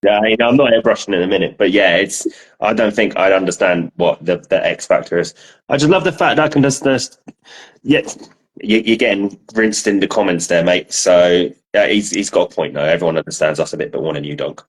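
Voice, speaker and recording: A fairly low male voice belongs to a co-host on a casual podcast. He banters in a laid-back way and laughs things off. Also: brisk, poor audio. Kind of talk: casual chat.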